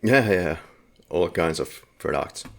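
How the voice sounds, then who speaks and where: A man with a notably deep, low voice hosts a casual film podcast. He talks in a relaxed, conversational way, laying out background at length. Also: slow pace. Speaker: podcast host.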